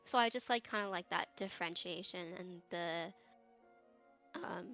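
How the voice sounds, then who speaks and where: A woman's voice: lowish voice, a little slow, bright, forceful tone, soft background music. A young woman chatting casually about an episode, emotional and candid, laughing and swearing freely. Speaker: cast member on a recap show. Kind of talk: casual recap chat.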